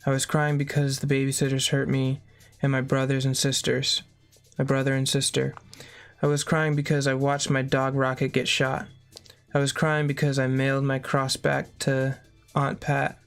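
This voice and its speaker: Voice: medium pitch, monotone, moderate pace, clear, resonant tone, soft background music. A reader reading a memoir aloud in a plain way, breaking off now and then for short spoken asides.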